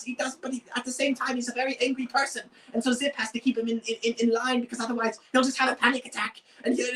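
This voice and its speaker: A man's voice: very high voice, fairly bright tone, recorded from a distance, low-quality recording. A young man hosting a model-building video, chatting casually and rambling with frequent restarts. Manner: rambling, many fillers and restarts. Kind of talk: casual chat.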